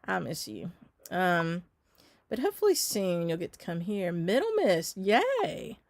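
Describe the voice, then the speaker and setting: A woman's voice: lowish voice, very animated, measured pace, gravelly, darkish tone, no room sound. A Southern American woman hosting a casual live stream, chatting and answering viewer comments with lots of ums. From Southern United States. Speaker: shop owner hosting a live stitch.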